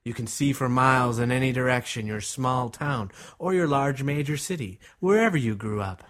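A man's voice: mid-range voice, moderate pace. Man narrating a dramatic guided visualization. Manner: vivid, dramatic storytelling, dropping at times to a hushed whisper.

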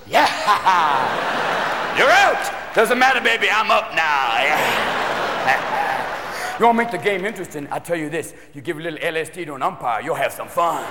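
A man with a very high, swooping voice works a live crowd in a brash, profane stand-up set. He bursts into shouted bits and character voices. The recording carries a long hall reverb, with steady crowd noise and laughter behind him. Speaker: stand-up comedian. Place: large comedy venue with live audience. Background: audience laughter and crowd ambience.

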